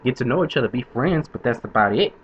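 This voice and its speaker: A man's voice: mid-range voice, animated, quick pace, dull audio, slight background noise. A man in his twenties telling a story to camera in a chatty, sassy way, with frequent laughs. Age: 20s. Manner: chatty, sassy diva flair, laughs often. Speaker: vlogger.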